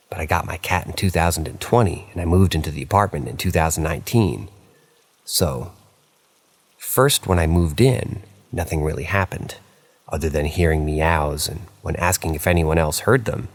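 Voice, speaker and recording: A man narrating true paranormal stories aloud in a casual, conversational reading style with occasional asides. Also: low-pitched.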